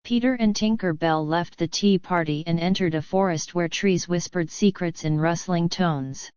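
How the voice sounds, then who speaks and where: A woman narrates a bedtime story in a calm, even manner. Her voice is low and smooth. The recording is dry and dull. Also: normal speed, no echo.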